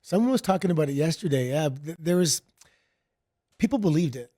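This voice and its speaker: A middle-aged man from Canada, a guest chatting casually and telling rambling stories in a relaxed way. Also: a little high, a little fast. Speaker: guest, wrestler. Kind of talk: casual interview chat.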